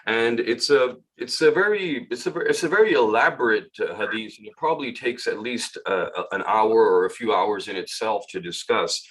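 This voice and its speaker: A man's voice: fairly low pitch, animated, normal speed, few pauses, slightly rough. A man delivering a religious lecture at a memorial gathering, retelling a narration and acting out its dialogue with rising emphasis. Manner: storytelling, gently acts out dialogue with rising emphasis.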